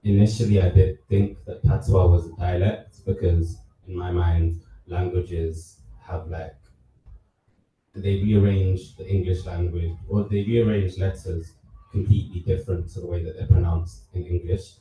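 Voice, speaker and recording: A man speaking on a discussion panel, measured and thoughtful. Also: low voice, flat delivery, dark tone, slight background noise. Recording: echoey room, far from the mic.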